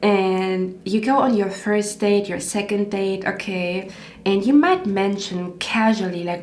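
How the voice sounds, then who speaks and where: A woman's voice: mid-range voice, measured pace, a little mellow, reverberant. A woman giving a casual tarot reading, chatty and rambling, checking in often with the listener. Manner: chatty, lots of "okay?" and "like". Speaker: tarot reader.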